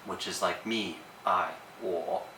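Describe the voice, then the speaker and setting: A man teaching language tones in a casual, relaxed lesson, with plenty of ums and uhs. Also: low voice, takes it slowly, reverberant, recorded from a distance, a little hiss or hum, poor audio.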